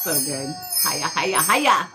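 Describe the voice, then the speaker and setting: A woman's voice: sits low, very animated, slow, over loud music. A woman hosting a wellness livestream, chatting with viewers in a playful, teasing way, laughing often and calling them darling. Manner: calls listeners "darling". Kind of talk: casual live chat with viewers.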